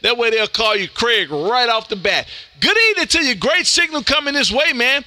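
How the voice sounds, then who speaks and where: A man from Texas with a Texan accent, working ham radio contacts on a live stream in a loud, folksy way, tossing "man" into most lines. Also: very high-pitched, lively intonation, moderate pace, no echo.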